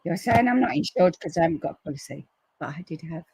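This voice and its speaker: A woman hosting a live crafting stream, chatting casually and acting out quotes in a lively way. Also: fast talker, husky, no echo, rough recording. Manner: chatty storyteller, acts out quotes with big pitch jumps. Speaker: crafting livestream host. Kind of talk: casual chat to live viewers.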